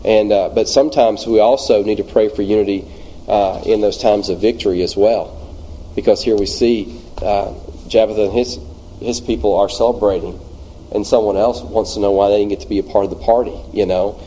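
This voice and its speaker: A man with a Louisiana Southern US accent leading an informal church Bible study, talking in a halting way with many fillers and restarts. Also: on the low side, fairly even intonation, warm tone, slight background noise, low-quality recording.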